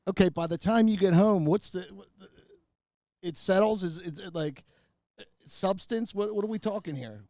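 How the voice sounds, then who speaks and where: A man's voice: high-pitched, normal speed, mellow, dry recording, clean studio sound. A man co-hosting a podcast in casual chat, cutting in with eager, prodding questions. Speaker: podcast co-host.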